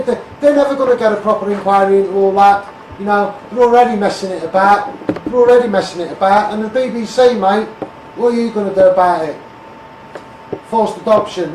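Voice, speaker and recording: A high-voiced man with a Scouse accent rants bluntly and repeats himself, calling people out one after another. He sounds set back from the mic in a roomy, echoing space with a faint hum of surroundings behind him. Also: darkish tone, distant mic. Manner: blunt, repetitive, calls people out by name and asks "mate". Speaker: street campaigner. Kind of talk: ranting political monologue.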